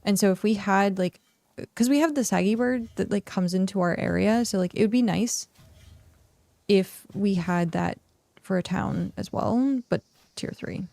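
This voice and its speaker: Hiccuping and yawning, a woman plays a game on stream and talks casually, thinking aloud with many fillers and trailing phrases. Her voice is mid-range, gravelly, and warm, at a normal speed, with no echo.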